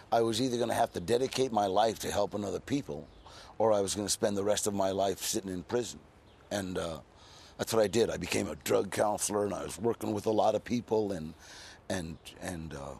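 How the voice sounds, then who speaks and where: Gravelly older man telling stories. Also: fairly low pitch, darkish tone, slight background noise. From California, US. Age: 60s. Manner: laid-back, streetwise storytelling with frequent "you know". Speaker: interview guest. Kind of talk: casual storytelling interview.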